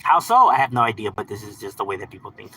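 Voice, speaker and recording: A man's voice: fairly low pitch, big pitch swings, fast talker, pushed and bright, husky, poor audio. A man hosting a livestream, reading out chat messages and answering in a laid-back, slangy, profane way with frequent laughs. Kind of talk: casual live chat.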